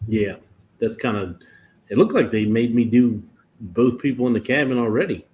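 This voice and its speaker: A man's voice: medium pitch, moderate pace. A man chatting casually on a livestream, rambling and correcting himself as he explains cruise internet plans. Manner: rambling, self-correcting storyteller. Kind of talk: casual chat. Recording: dull lo-fi stream audio with faint noise.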